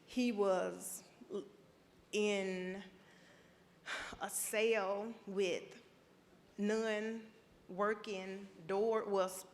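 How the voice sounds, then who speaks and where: A middle-aged woman giving personal testimony on a panel, halting and emotional, with long pauses. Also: mid-range voice, little pitch movement, a little hiss or hum. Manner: halting, emotional, slow and deliberate. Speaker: panel guest, mother of a prisoner. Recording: reverberant conference hall.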